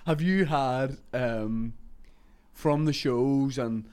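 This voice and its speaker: A man's voice: mid-range voice, extremely slow, darkish tone, clean tone. A man hosting a podcast, asking loose, rambling questions in a casual chat and swearing now and then.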